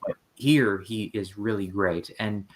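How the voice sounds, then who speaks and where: A man co-hosting a podcast, chatting casually and calmly about a movie like a film buff. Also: fairly low pitch, a little slow. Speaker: podcast co-host. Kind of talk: casual movie review chat.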